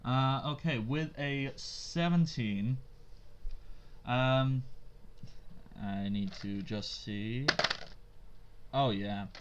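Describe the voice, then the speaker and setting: Male game master, slow delivery, hesitant, muffled lo-fi recording. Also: medium pitch, a little hiss or hum. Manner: hesitant, many fillers. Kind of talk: narrating a tabletop game.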